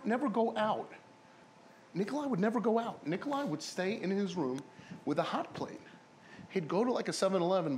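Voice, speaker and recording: A man's voice: sits high, darkish tone, slight background noise. A man, a former pro wrestler, telling rambling, profane stories in a casual interview and putting on other people's voices.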